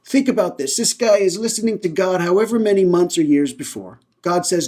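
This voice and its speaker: A man's voice: high-pitched, moderate pace, hardly any pauses, a little mellow, breathy edge. A man hosting a podcast who reads scripture aloud and then retells it in a casual, irreverent, joking way. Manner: irreverent, joking, laughs at his own lines. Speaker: podcast host, lay Bible teacher.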